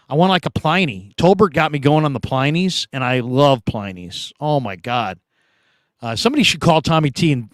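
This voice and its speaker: A middle-aged man from California hosting a sports show, chatting casually through live comments and telling stories with animated quoted voices. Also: fairly high pitch, no echo, studio quality. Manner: animated storytelling, laughs often, acts out quoted voices.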